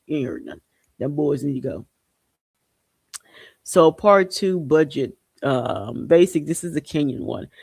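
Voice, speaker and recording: A man hosts a podcast, talking in a slightly high, gravelly voice. He is blunt and profane, and he rambles with frequent restarts. The sound is dry and close. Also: a little mellow, no room sound. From Haiti. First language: Haitian Creole. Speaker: podcast host. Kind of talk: casual opinion commentary.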